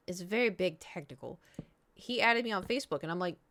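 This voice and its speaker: A woman's voice: fairly low pitch, expressive, fast, fairly bright tone. A woman, chatting casually on stream and telling a rambling story full of fillers and quoted voices. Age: 30s.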